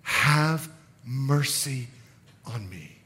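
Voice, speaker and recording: A man's voice: high-pitched, sing-song, slow pace, sharp tone, full character voice. A man voicing a humble male beggar who pleads desperately for mercy. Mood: pleading.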